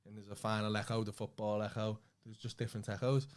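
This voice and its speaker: A man with a Liverpool accent, a comedian co-hosting a podcast, telling a story in an animated way, swearing freely and acting out what other people said. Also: fairly low pitch, fast talker. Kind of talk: casual anecdote telling.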